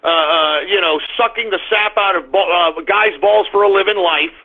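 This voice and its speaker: A male talk radio host with a high voice, crude and loud as he rants at his listeners. The sound is thin and tinny, like it is coming over a phone. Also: moderate pace. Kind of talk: ranting political talk radio.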